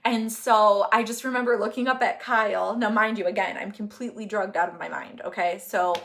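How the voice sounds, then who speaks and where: A woman's voice: mid-range voice, a little fast, vocal fry, few pauses, a bit bright. Chatty young woman telling a story. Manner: candid, chatty storytelling with many fillers; gets emotional, laughing and crying. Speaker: vlogger. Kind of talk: casual chat.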